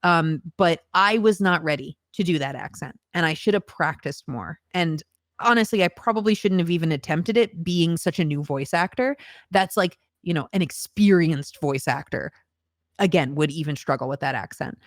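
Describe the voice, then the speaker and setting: A woman's voice: low voice, normal speed, no room sound, clean studio sound. A woman voice actor as a podcast guest, talking in a reflective, earnest way with frequent ums. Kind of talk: casual podcast conversation.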